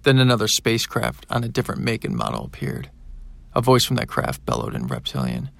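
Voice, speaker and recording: A man narrating a science-fiction audiobook in the first person, in a plain, even storytelling manner. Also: lowish voice, fairly quick, vocal fry, no echo.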